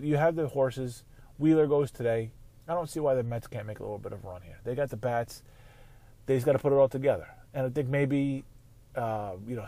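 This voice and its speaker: A man's voice: mid-range voice, warm tone. A man hosting a casual solo sports podcast, rambling and swearing freely. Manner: rambling, profane, conversational. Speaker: podcast host.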